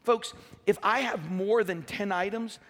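A man's voice: high-pitched, a little slow, fairly bright tone. Man, middle-aged, preacher, emphatic, repetitive, sermon in a reverberant hall. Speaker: pastor.

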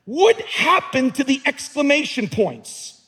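High, lively-voiced male preacher in a reverberant hall. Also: slow pace. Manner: dramatic preaching, swinging from hushed to shouting. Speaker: pastor. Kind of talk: sermon. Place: church.

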